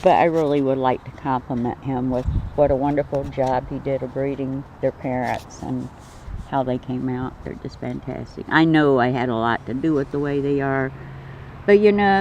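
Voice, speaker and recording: A man talking casually on his vlog outdoors, chatting fondly about and to his pet snake. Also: warm tone. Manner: fond, chatty, coos at his snake in a higher voice. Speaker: snake keeper filming his pets. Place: outdoors in a yard. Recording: slightly dull lo-fi camera audio with faint outdoor noise.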